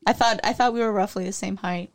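A young woman in casual podcast chat, reacting with short exclamations and telling quick stories. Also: medium pitch, fairly even intonation. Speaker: podcast co-host.

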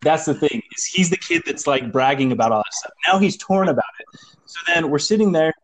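Talking fairly quickly in a high-sitting voice, a young man shares a casual story with friends by phone. The call carries faint noise, and he laughs frequently while voicing other people's words.

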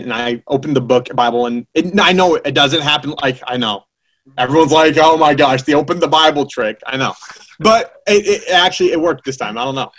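A man preaching a sermon, telling his own story in a lively way and acting out the voices of the people he quotes. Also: medium pitch. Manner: animated, acts out quoted voices, many fillers. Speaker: preacher giving his testimony.

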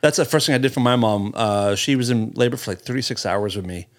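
A man hosting a podcast, chatting casually and tossing in quick wisecracks. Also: medium pitch. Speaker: podcast host. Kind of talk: casual comedic chat.

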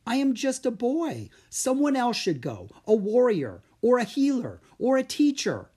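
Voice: mid-range voice, measured pace, slightly rough, voice pushed up, heavily acted. A reader voicing a shy but brave young village boy in a storybook audiobook. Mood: earnest. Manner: earnest, rising with excitement. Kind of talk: audiobook character reading.

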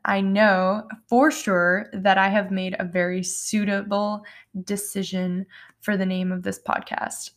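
A woman's voice: mid-range voice, fairly even intonation, a little slow. A young woman from New York City hosting her own podcast, rambling in a self-deprecating way with lots of fillers. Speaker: podcast host. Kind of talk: casual podcast monologue.

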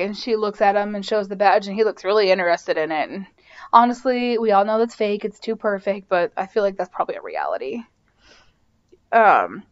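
A woman's voice: medium pitch, muffled recording. A woman hosting a podcast, casually recapping a TV episode, chatty and full of "like" and "um". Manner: chatty, lots of "like" and "um". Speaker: podcast host.

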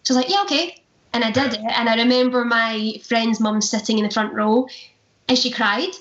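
A woman's voice: a little high, little pitch movement, fairly quick, fairly bright tone. A young Glaswegian woman, a stage performer, telling anecdotes in a chatty way, laughing often and acting out quotes. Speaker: musical theatre performer, guest. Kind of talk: casual chat, anecdotes. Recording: roomy, dull lo-fi sound.

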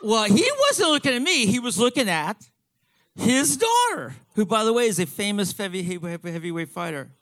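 Man, fifties, comic storyteller; bright, sharp tone, excitable and profane, tripping over his own restarts. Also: high-pitched, normal speed, no echo.

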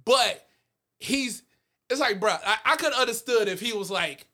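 A young man co-hosting a casual podcast chat, animated and slangy, rambling with lots of fillers. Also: extremely high pitch, a little slow. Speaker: podcast co-host.

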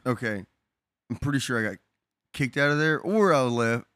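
A man's voice: medium pitch, expressive, moderate pace, fairly bright tone, smooth, no room sound, clean studio sound. A young man in casual chat, telling a party story in a laid-back, slangy way and laughing between lines.

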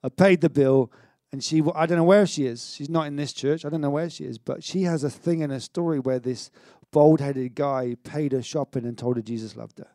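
Male pastor, middle-aged, chatty sermon with restarts and jokes, slightly high voice. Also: brisk, hardly any pauses, no echo, clean studio sound. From Wales. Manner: energetic, conversational preaching with stammered restarts and self-mocking humour.

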